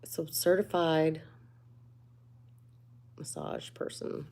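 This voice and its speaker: Chatty woman with a gravelly, low voice. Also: big pitch swings, drawn-out words, mellow. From United States. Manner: chatty, candid, laughs often. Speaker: livestream host. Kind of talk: casual livestream chat.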